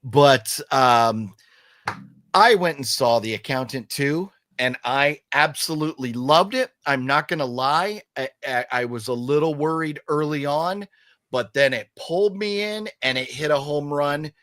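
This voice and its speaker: Man, movie podcast host, opinionated, animated intonation, dry close sound. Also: fairly high pitch, measured pace, no echo. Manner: opinionated, emphatic, rambling with restarts. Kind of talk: casual movie chat.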